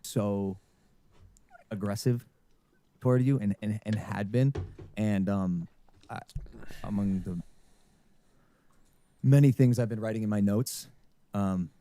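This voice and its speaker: A man speaking hesitantly on a stream, pausing often with fillers as he reads out his thoughts. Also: on the low side, mellow. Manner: halting, hesitant, many fillers. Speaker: stream guest.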